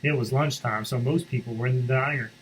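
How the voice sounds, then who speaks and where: The clip is a low-quality recording with a little hiss or hum: a mid-range male voice reading a picture book to schoolchildren on morning announcements. His storytelling is expressive, with pauses to explain things to the students.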